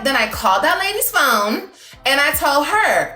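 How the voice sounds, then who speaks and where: A woman's voice: sits high, big pitch swings, measured pace, sharp tone. A woman talking casually to her livestream viewers in a rambling, emotional way, full of fillers and restarts. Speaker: TikTok livestreamer. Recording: echoey room.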